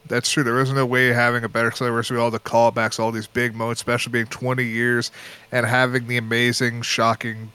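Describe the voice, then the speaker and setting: A man's voice: mid-range voice, completely flat delivery, quick pace, bright, forceful tone, smooth, no room sound. A man co-hosting a casual wrestling podcast, talking in an earnest, hype-man way. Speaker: podcast co-host.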